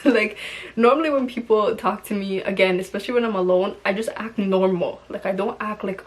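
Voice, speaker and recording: A young woman tells a story to her vlog camera. She talks in a chatty, slangy, animated way. Her voice sits in a medium register. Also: mid-range voice, a little fast. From Toronto, Canada. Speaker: vlogger.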